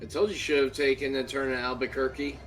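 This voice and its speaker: A man's voice: medium pitch, little pitch movement, quick pace, faint music behind. A man chatting casually and joking with a streamer during a game. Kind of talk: casual chat.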